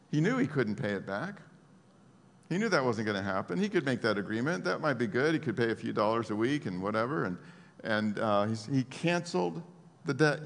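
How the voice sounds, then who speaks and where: Animated male preacher in a reverberant hall. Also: medium pitch, vocal fry. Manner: conversational, animated preaching with asides. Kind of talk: sermon.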